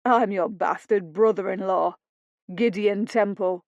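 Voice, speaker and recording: A woman's voice: mid-range voice, a little slow, darkish tone, no echo, natural voice. A woman reading an audiobook, voicing a mocking, sardonic roguish man with a drawling sarcasm. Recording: dull dry lo-fi studio read.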